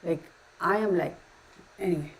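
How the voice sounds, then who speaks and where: A woman's voice: fairly low pitch, normal speed, poor audio. A woman, reading tarot cards on her channel and ranting her opinions in a blunt, profane, heated way. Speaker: tarot reader.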